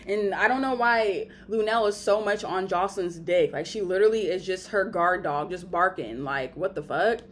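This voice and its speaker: A woman's voice: lowish voice, normal speed, few pauses, slight background noise. Blunt, profane young woman reviewer. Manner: blunt and profane, animated retelling. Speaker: reality show reviewer. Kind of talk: casual recap commentary.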